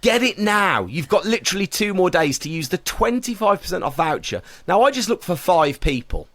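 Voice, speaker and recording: A man's voice: high-pitched, sing-song, normal speed, a bit bright, dry recording. A man, co-hosting a podcast and quizzing his friends in a playful way. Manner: playful quizmaster. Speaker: podcast co-host. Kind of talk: casual chat.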